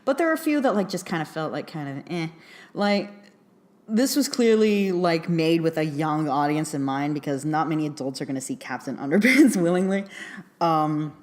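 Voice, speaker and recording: Young woman w a low voice chatting thru a movie review, lots of ums and giggles. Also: expressive, normal speed, darkish tone. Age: young adult. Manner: chatty, rambling, many fillers and giggles. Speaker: film reviewer. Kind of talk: casual spoken film review.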